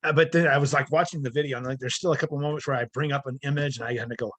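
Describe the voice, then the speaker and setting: A man's voice: mid-range voice, fairly even intonation, rapid-fire, dry recording. A man college instructor chatting casually with a co-teacher, laughing often and groping for words.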